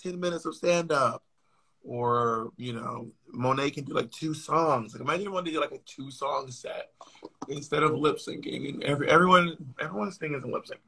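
Bright, teasing American man on a live stream. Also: on the high side, normal speed, vocal fry, husky. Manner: blunt, teasing, playful. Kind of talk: casual live-stream chat.

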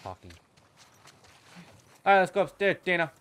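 A man's voice: high voice, very animated, normal speed, a bit bright, slight background noise. A young man giving casual gameplay commentary as a channel host, goofy and rambling, swearing freely and joking to himself.

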